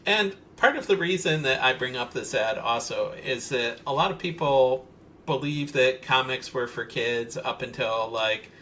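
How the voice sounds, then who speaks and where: Bright-voiced nitpicky podcast man. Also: mid-range voice, unhurried, slight background noise. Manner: analytical, nitpicky, many uhs and ums. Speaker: podcast co-host. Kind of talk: casual comic-book discussion.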